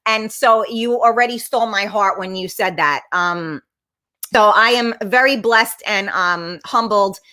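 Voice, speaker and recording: A woman's voice: medium pitch, a little slow, sharp tone. A middle-aged woman hosting a casual live-stream chat, blunt and brash, swearing freely as she reads viewer comments. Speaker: talk show host.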